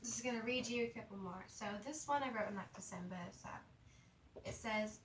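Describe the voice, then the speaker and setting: A woman's voice: a little high, moderate pace, far from the mic, background noise. A young woman vlogging casually, rambling with lots of "like" and "you know", stuttering and mumbling now and then. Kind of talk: casual confessional vlog. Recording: roomy, a little off-mic, faint ambience.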